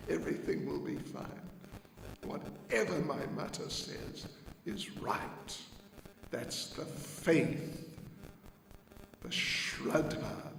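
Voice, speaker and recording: A man, a monk, telling a devotional story to children in an animated, drawn-out way. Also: medium pitch, creaky, noisy background. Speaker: monk giving a Sunday class. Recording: echoey hall, faint ambience.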